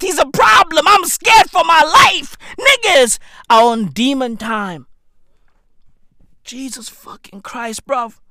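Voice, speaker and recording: Excitable high-pitched woman doing reaction commentary. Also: no room sound, studio quality. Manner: excitable, swearing, repeating phrases for effect. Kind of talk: profane comedic reaction commentary.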